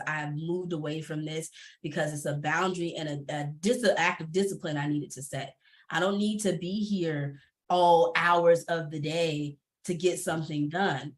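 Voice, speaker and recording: A woman who coaches entrepreneurs, speaking candidly and emphatically on a panel over a video call, laughing often. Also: lowish voice.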